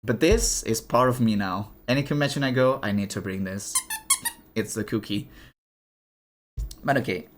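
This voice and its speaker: A man's voice: lowish voice, normal speed, pauses often, a little hiss or hum. Chatty young man streaming live. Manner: chatty and animated, swearing and laughing, showing items to camera. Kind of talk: casual live-stream chat.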